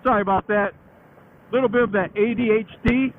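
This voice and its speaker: A man's voice: sits high, fairly even intonation, fairly quick. A man in his late thirties telling a rambling, slangy motorcycle story, laughing often and swearing freely. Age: late 30s. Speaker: motorcycle vlogger. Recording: tinny phone-like sound with faint noise.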